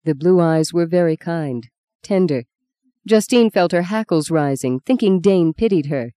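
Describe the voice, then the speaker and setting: A reader narrating an audiobook in a measured, even storytelling manner. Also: mid-range voice, dry recording.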